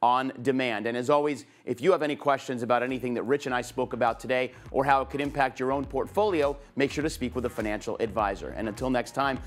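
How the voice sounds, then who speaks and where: Male interview host, easygoing and chatty, middle pitch. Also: fast, hardly any pauses. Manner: friendly, conversational, laughs easily. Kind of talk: hosted interview and sign-off.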